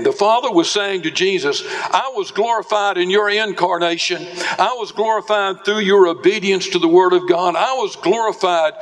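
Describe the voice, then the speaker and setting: A man preaching a sermon as pastor, slow and emphatic, with dramatic swings in pitch. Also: lively intonation, fairly bright tone. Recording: long reverb of a large hall.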